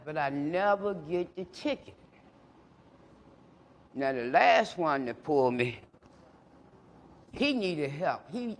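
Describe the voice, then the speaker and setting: Middle-aged guy, high voice, telling funny stories in an echoey hall, does all the voices himself. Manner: animated storyteller acting out both sides of the dialogue; colloquial, laughing through his stories. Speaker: recovery speaker. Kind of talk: storytelling talk to a live audience.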